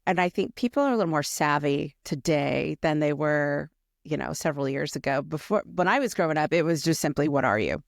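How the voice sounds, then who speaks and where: A woman's voice: low voice, brisk, creaky, dry recording, clean studio sound. A woman co-hosting a podcast interview, thinking aloud reflectively as she asks her guests a question. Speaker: podcast co-host. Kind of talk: conversational interview.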